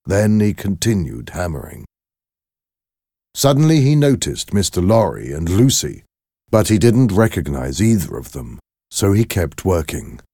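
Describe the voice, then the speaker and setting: Male narrator, deep and unhurried, measured storybook reading. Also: big pitch swings, mellow, no room sound, clean studio sound.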